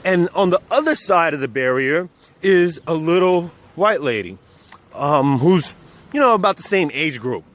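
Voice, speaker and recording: A man's voice: on the high side, lively intonation, moderate pace. A man from South Texas casually telling personal stories, speaking of himself as "we" and chuckling now and then. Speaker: vlogger.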